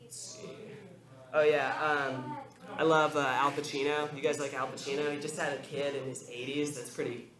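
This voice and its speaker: A man's voice: a little high, little pitch movement, normal speed, a crowd in the background. A young man doing an open-mic stand-up set, rambling with lots of fillers and laughing at his own jokes. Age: young adult. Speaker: stand-up comedian. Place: college open-mic room. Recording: echoey room, music behind.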